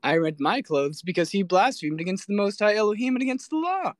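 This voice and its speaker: A man reads as a proud and defiant high priest. His delivery is formal and declamatory, pitched on the high side, with a dry, close sound. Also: animated, brisk, no room sound.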